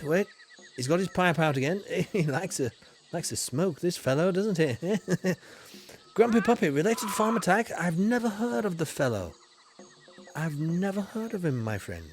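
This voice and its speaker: Brief: Yorkshire man, game streamer, mock-posh and playful, voice swooping all over, slightly high. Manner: playful, mock-posh, swings between loud greetings and mumbles. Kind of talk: comedic game livestream commentary.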